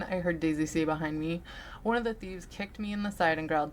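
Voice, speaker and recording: A woman reading a story aloud in a deliberate, dramatic way, now and then muttering asides. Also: on the low side, fairly even intonation, a little hiss or hum. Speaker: story reader.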